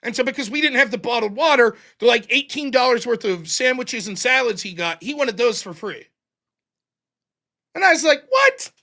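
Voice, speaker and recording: A man hosting a livestream, telling stories in a casual, profane, animated way. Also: very high-pitched, brisk, hardly any pauses. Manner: profane, animated, yelling in retold quotes. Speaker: livestream host. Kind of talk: casual storytelling.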